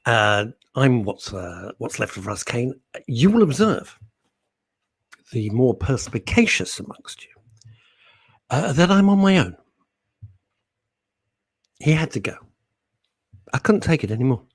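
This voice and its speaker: Chatty radio host, lively voice. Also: male voice, medium pitch, a little slow, long pauses, slightly rough, dry recording. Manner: chatty, playful, teasing. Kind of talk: live talk radio, reading listener comments.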